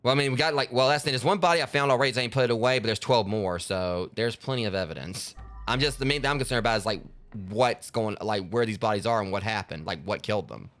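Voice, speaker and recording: A man's voice: fairly low pitch, fast, fairly bright tone. A man hosting a gaming channel, rambling and joking through casual let's play commentary. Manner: rambling, joking, lots of fillers.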